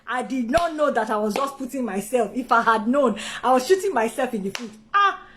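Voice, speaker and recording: Chatty woman host telling a story, pitched high. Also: a little fast. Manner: animated and chatty, greets viewers mid-story; talkative, with many asides and restarts. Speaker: live-stream host. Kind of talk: personal storytelling on a live stream.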